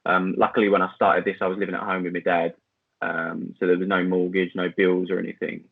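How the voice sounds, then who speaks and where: A man joining a podcast as a guest, chatting in a relaxed, easygoing way. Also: low voice, a little fast, gravelly, breathy edge, no echo, narrow, tinny audio. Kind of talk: casual chat.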